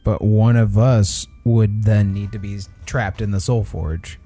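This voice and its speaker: A man's voice: fairly low pitch, fairly even intonation, a little slow, dark tone, soft background music. A man playing a tabletop role-playing game, arguing emphatically in character. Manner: emphatic, argumentative. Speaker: player.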